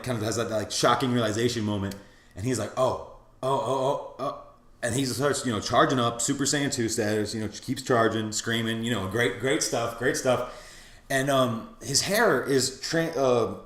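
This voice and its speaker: A man's voice: mid-range voice, echoey room. A man casually recapping an anime episode, rambling with many restarts and acting out character lines in funny voices. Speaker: anime reviewer.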